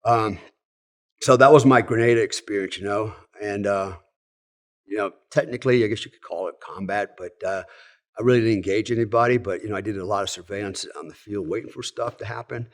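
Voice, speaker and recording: A middle-aged man from the United States with a fairly low voice talks through his army stories. He keeps a loose, relaxed manner, full of fillers and asides. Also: fairly quick. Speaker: guest, former Delta Force soldier. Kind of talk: casual storytelling.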